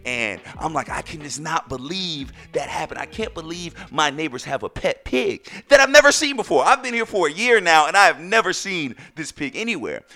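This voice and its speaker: A man hosting a podcast, telling a story in an animated, exclaiming way. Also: fairly high pitch. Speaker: podcast host. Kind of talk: casual storytelling.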